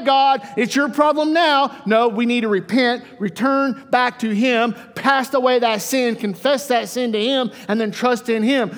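A high-voiced man gives a sermon as pastor in a church sanctuary, with the hall's long reverb trailing his words. He alternates between softly hushed passages and animated, raised mock dialogue.

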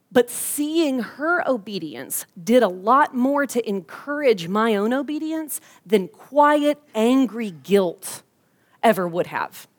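Woman preaching with lively storytelling. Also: high-pitched. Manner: storytelling with humor, lively quoted voices. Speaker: pastor. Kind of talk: sermon.

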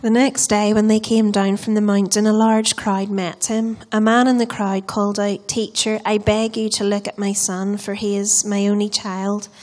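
Woman reading scripture in a flat voice. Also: medium pitch, moderate pace, few pauses. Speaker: scripture reader.

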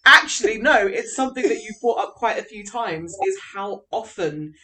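A woman's voice: mid-range voice, lively intonation, normal speed, sharp tone. English woman, podcast co-host, easy mid-range voice, dry teasing humour. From England. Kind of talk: casual chat.

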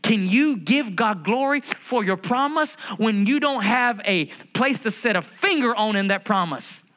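A man preaching a sermon as pastor of a church, in a lively conversational way with humor and rhetorical questions. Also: high voice, unhurried. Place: church building.

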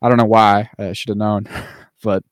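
A man's voice: fairly low pitch, level tone, normal speed, clean tone, no room sound. Rambling man in a dry booth. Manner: rambling, with many fillers and playful mock voices. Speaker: podcast co-host. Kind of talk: casual chat.

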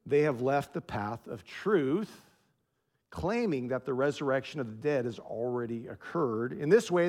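Conversational male pastor preaching. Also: on the high side. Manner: conversational preaching with personal stories and emphatic repetition; drops to a soft hush when telling a quiet story. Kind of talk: sermon.

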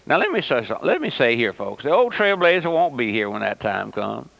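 A man's voice: mid-range voice, big pitch swings, brisk, vocal fry, a bit bright, no echo. A man preaching an emphatic, folksy radio sermon, repeating words and calling listeners "my friend". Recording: dull, lo-fi radio broadcast.

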